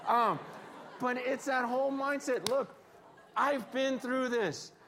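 Guy with a pretty high voice giving a sermon, chatty and jokey, acts out little quotes. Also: slow, background noise. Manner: lively, conversational preaching with self-deprecating humor and acted quotes. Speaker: pastor.

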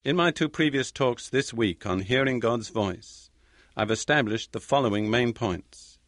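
A man giving a sermon-style teaching talk, speaking slowly and deliberately and repeating key phrases for weight. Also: mid-range voice, expressive, fairly bright tone, dry recording, studio quality. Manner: measured, slow, deliberate delivery with repeated phrases. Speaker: preacher.

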